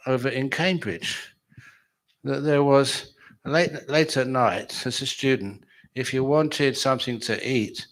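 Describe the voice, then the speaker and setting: A man giving a chatty, humorous dharma talk at a retreat, telling stories and laughing with his audience. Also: mid-range voice. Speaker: meditation teacher.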